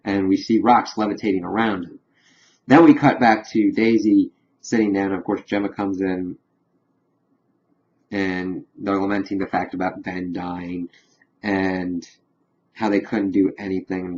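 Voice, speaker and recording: A man's voice: sits low, level tone, slow pace, pauses often, muffled recording. A man casually recapping a TV episode, rambling and repeating "of course" as he loosely quotes the characters. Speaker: TV episode reviewer.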